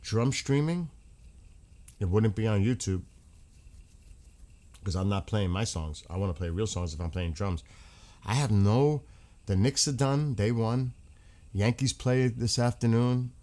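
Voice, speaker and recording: A man's voice: fairly low pitch, unhurried, long pauses, warm tone. A man hosting a casual livestream, rambling frankly and swearing freely. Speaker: livestream host.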